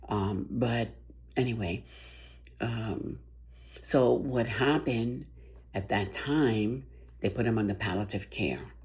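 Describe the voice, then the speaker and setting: An older mother tells a personal story of grief. Her voice is soft and emotional, and she often stops and restarts her sentences. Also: very deep voice, slow, long pauses. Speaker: bereaved mother.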